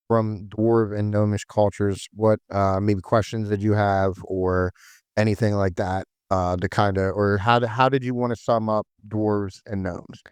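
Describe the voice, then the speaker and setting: A man hosting a casual chat, easygoing and explanatory, recorded close in a quiet room. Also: on the low side, clear, resonant tone, dry recording. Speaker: host explaining game lore.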